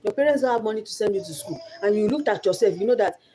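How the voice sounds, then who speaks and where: A woman's voice: mid-range voice, lively intonation, quick pace, noisy background. A young Nigerian woman giving an earnest motivational talk about her life, repeating phrases for emphasis. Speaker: vlogger.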